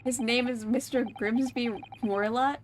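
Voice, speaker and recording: Woman doing a gruff, curt sailor guard. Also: on the high side, steady tone, a little slow, a little hiss or hum, lightly acted. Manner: broken clipped English, curt. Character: gruff male sailor guard, blunt and scornful.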